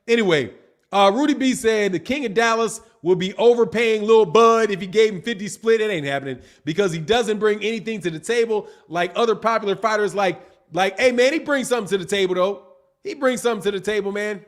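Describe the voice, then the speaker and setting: A man hosting a casual boxing live stream, reading viewers' chat messages aloud in a slangy, animated way and laughing often. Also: high-pitched, fairly quick.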